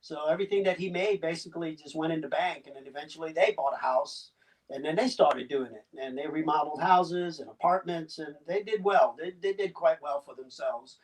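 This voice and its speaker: A Cuban-born man in his sixties with a slight Southern US accent, telling his story as a guest in a casual interview, halting and chuckling as he goes. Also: fairly high pitch. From Cuba. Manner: halting, chuckling, many restarts. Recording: distant mic.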